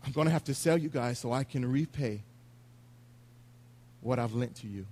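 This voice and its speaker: A man's voice: medium pitch, moderate pace, a little mellow, lightly acted. A man voicing a casual, demanding king who calls in a debt in an offhand, blunt way.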